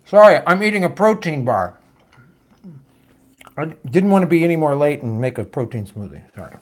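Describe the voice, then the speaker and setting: A man hosting a live stream with a voice that sits a bit high for a man. He reads out viewer comments and questions in a loose, jokey way, swearing now and then and trailing off into asides and fillers. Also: lively intonation, normal speed. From United States. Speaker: host of a political show.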